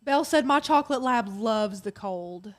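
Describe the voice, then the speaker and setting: Brief: high-pitched woman, chatty livestream co-host, reads out viewer comments. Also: lively intonation, normal speed. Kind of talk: casual chat on a craft livestream.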